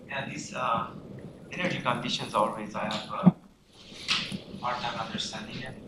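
Flat-voiced male student, distant and echoey. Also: mid-range voice. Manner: searching, halting phrasing. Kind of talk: seminar question. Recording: distant mic, roomy echo, clear noise.

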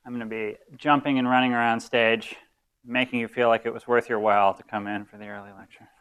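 Male lecturer, smooth resonant tone, chatty and self-deprecating on stage. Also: medium pitch, little pitch movement, fast talker, a bit bright. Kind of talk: live university lecture.

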